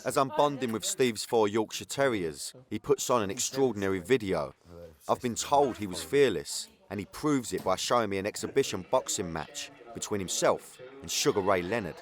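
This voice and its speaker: A man's voice: fairly low pitch, lively intonation, moderate pace. A man with a Cockney accent giving scripted first-person documentary voice-over in a conversational way. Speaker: documentary narrator. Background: guitar music bed.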